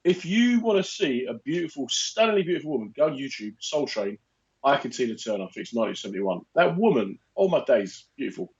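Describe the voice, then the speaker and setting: A stand-up comic co-hosts a casual podcast, teasing his friend in a wry, deadpan way. His pitch moves a lot, and the recording sounds a bit dull. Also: fast. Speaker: comedian and podcast co-host. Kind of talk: casual chat.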